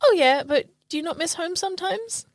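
Female player, playful and giggly, high bright pitch. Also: expressive, fairly quick, no room sound, studio quality. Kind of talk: tabletop role-play.

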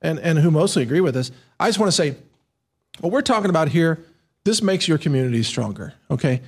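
A man hosting a talk show from a studio, playful and easily excited. His voice sits a bit high for a man. He keeps the chat lively and friendly. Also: fast. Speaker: show host. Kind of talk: casual studio interview.

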